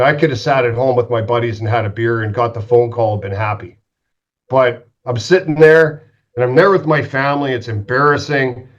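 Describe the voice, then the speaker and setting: A former pro goalie from western Canada spins animated, profane stories, acting out everyone he quotes. His voice sits in an average male range. The recording is a little dull and lo-fi. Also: mid-range voice. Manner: animated, swearing, acts out quotes. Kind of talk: casual storytelling interview. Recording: slightly dull lo-fi sound.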